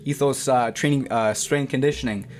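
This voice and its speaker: A man's voice: mid-range voice, fairly quick, soft background music. A young man from Canada, a boxer telling his story in a casual, slangy interview and calling the host "bro". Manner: slangy and animated, says "bro" often.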